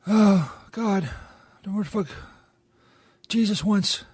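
A man voicing a baffled, easily spooked Saint Peter who keeps repeating questions and swearing, with loud music playing behind him. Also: high voice, a little slow, slightly rough, no room sound, pitched above the performer's own voice. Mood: panicked.

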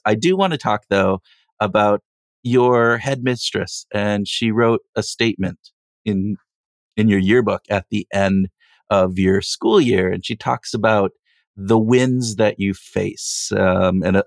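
A man hosting an interview, asking questions in a slow, measured way. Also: lowish voice, vocal fry, no echo. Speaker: podcast host.

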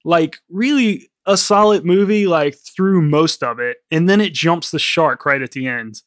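Film podcast co-host, male, a touch high-voiced, dry close sound, loose and chatty with "like" fillers. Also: measured pace, fairly bright tone, no echo. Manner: rambling, lots of "like" fillers. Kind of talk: casual film chat.

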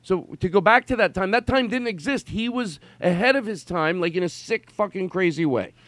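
A man's voice: high voice, normal speed, fairly bright tone, no echo. A man hosting a podcast, talking in a rambling, emphatic way with some swearing. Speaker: podcast host. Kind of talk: casual chat.

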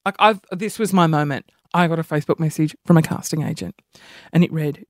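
A man's voice: on the high side, animated, quick pace, no echo, studio quality. Chatty self-mocking man. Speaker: podcast host. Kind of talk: solo comedic podcast chat.

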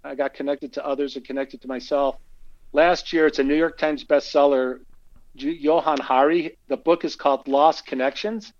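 A male podcast guest telling animated stories and acting out the quotes in them. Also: on the high side, brisk, dull audio. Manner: animated anecdotes, acts out quotes. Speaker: guest speaker. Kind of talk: conversational storytelling.

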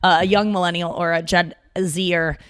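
A woman co-hosting a podcast in casual chat, chatty with quick asides and playful impressions. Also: on the low side, steady tone, a bit bright, clear, resonant tone, no echo, studio quality. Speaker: podcast co-host.

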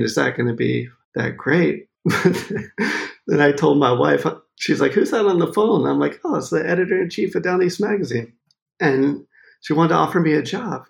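A man telling a story as a photographer being interviewed, laughing often and acting out what people said. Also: fairly high pitch. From Maine. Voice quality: gravelly. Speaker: photographer guest.

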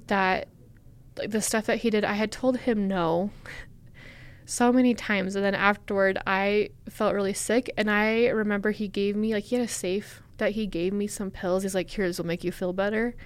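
A woman's voice: mid-range voice, fairly even intonation, clean tone. Candid young woman telling her story. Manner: candid, halting, with many fillers. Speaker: guest. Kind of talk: personal storytelling in a podcast interview.

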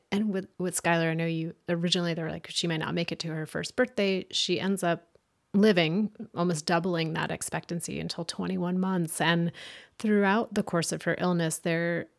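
A woman hosting an interview, asking gentle, reflective questions. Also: low voice, vocal fry. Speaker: podcast host.

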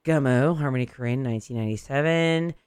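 A man hosting a radio show, teasing his guest with crude, quick-fire banter. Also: mid-range voice, darkish tone, clear, resonant tone, no room sound, studio quality. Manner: crude, teasing, rapid tangents. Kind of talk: casual banter.

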